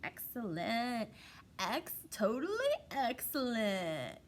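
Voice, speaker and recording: A woman's voice: a little high, expressive, slow pace. A young woman teaching an online kindergarten class in a playful, sing-song way, stretching her words and often repeating herself.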